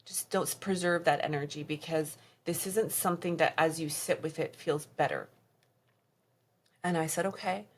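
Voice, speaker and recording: Woman, low-pitched voice, podcast guest, emotional personal storytelling, drops to soft near-whisper at hard moments. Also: fairly even intonation, normal speed, slightly rough.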